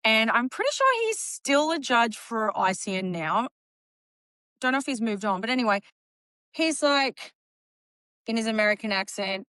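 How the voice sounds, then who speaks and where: A woman in her late thirties or older, a guest telling her story in casual podcast chat, acting out quotes with a lively laugh. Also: on the high side, moderate pace, pauses often, clear, resonant tone, no room sound. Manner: animated, acts out quotes, laughs often. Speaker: guest, bodybuilding champion.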